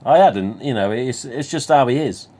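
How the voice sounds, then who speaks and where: Animated and speaking at normal speed, a man from England with a Nottingham accent and a dark, middle-pitched voice tells a rambling personal story on his livestream. He chats casually, with constant asides, plenty of you-knows, and the odd mild swear.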